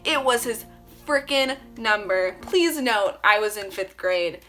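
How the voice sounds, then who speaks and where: A woman's voice: mid-range voice, animated, measured pace, sharp tone, faint music behind. A woman vlogger reading her old fan fiction aloud, sarcastic and self-mocking.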